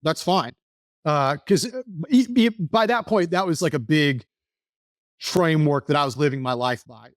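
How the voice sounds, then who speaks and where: Podcast guest, Texas-raised man, earnest rambling storyteller, slightly high voice, dry close sound. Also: normal speed, no echo. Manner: earnest, rambling, many restarts. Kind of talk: casual storytelling interview.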